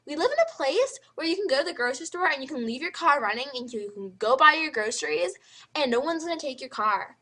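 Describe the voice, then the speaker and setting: High-pitched teen girl vlogger with a lively, swooping delivery, ranting emphatically to camera. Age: teens. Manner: animated, emphatic, full of "like" fillers. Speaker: high school student vlogger.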